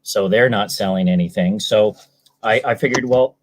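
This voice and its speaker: Low-voiced Canadian salesman, rambling. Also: moderate pace. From British Columbia, Canada. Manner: rambling, many ums and restarts. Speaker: guest, salesman. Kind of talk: casual interview answers.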